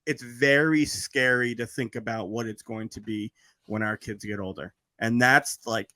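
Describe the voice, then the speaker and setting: A man talking casually as a podcast guest, animated and rambling with lots of restarts. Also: medium pitch, moderate pace, dry recording. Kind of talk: casual chat.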